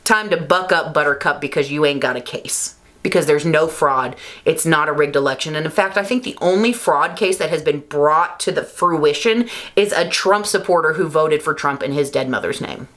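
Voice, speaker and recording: Heated woman venting on her vlog, kinda low voice, cussing, pitch shoots up when she gets mad. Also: moderate pace, hardly any pauses, a bit bright. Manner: angry, emphatic, swearing, rising pitch when worked up. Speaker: vlogger. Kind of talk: heated political rant to camera.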